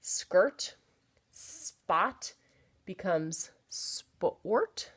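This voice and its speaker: A woman teaching a phonics lesson to young children, sounding out words slowly and chatting playfully between them. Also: on the low side, lively intonation, slightly rough. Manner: slow, drawn-out sounding of words. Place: home, at a small easel.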